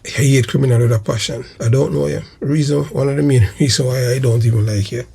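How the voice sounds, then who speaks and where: A Jamaican man running a commentary channel delivers a deliberate, repetitive denunciation, leaning hard on every point. The voice is rough and gravelly with a husky fry, pitched at a typical male level, and it comes across as warm and steady.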